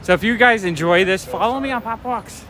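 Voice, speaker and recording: A man's voice: high-pitched, a little fast, bright, forceful tone. A man vlogging as he walks outdoors along city streets, telling rambling stories with laughs as he goes. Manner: rambling, chatty storytelling with laughs. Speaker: vlogger and toy shop owner. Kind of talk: casual walk-and-talk vlog.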